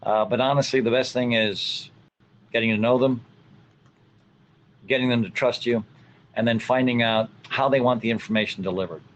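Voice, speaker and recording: A man's voice: medium pitch, steady tone, normal speed, pauses often, a little hiss or hum, poor audio. A middle-aged man, a college soccer coach, answering interview questions in a reflective way with many fillers. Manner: reflective, many fillers, acts out what he tells players.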